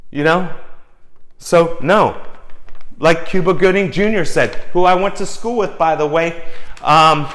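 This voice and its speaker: A man's voice: fairly high pitch, measured pace, pauses often, a bit bright. A middle-aged man giving writers blunt career advice in a casual monologue, swearing freely and restarting his sentences as he works himself up. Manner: blunt, profane, fired-up, lots of restarts and repeated words.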